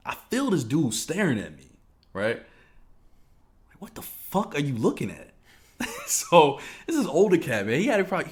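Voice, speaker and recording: A man co-hosting a podcast, telling a profane, animated story and laughing often. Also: lowish voice. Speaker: podcast co-host. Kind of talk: casual storytelling.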